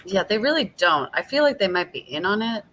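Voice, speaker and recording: Bright lively woman, playful tabletop player, faint hiss. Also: medium pitch. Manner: playful, quick to laugh. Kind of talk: casual tabletop play.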